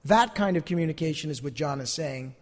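Earnest male preacher, high voice, echoey church hall. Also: a little fast. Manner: earnest, animated preaching with emphatic repetitions. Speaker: pastor. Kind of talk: sermon.

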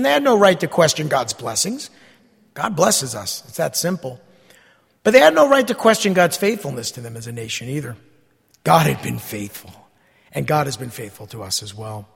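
Raspy, gravelly preacher in a hall. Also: male voice, a little high. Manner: preaching with call-and-response "Amen?" and scripture readings. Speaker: pastor. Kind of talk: sermon.

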